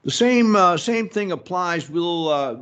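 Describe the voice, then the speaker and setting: A man teaching a business English lecture, slow and halting, filling pauses with "mm-hmm" and "okay" and adding opinionated asides. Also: sits high, animated, fairly bright tone, clear, resonant tone. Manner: slow, halting, many fillers and self-talk like "mm-hmm" and "okay". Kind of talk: recorded lecture.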